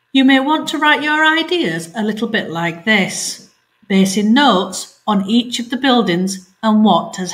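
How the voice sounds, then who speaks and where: A primary school teacher reading a story aloud in a remote lesson, speaking clearly and asking pupils questions. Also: female voice, on the high side, fairly bright tone.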